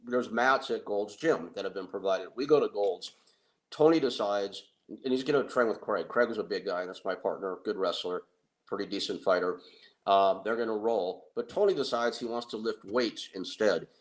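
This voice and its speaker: Lower-voiced middle-aged man, animated storyteller, laughs at himself. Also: moderate pace. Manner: animated, self-deprecating, laughs often. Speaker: wrestling and MMA manager. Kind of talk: anecdotal storytelling.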